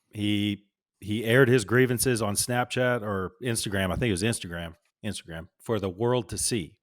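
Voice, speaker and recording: A man's voice: on the low side, fairly bright tone. A man co-hosting a podcast, teasing and playful as he tells a story. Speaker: podcast co-host. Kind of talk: casual political chat.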